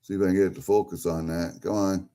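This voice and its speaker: A deep, mellow voice delivers flat, quick unboxing commentary as this vlogger opens his packages. He talks casually to himself, muttering and drifting from thought to thought.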